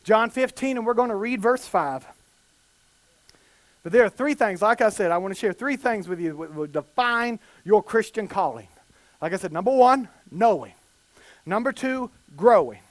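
Male preacher, very high pitched, dry close sound; fervent sermon delivery, punchy rhetorical questions. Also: lively intonation, normal speed, dry recording. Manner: fervent, rises to shouts, asks rhetorical questions.

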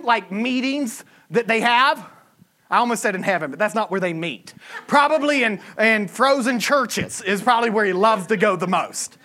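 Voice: mid-range voice, lively intonation, moderate pace, sharp tone. A pastor preaching a humorous sermon to a congregation, acting out quoted voices. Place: church service with a congregation.

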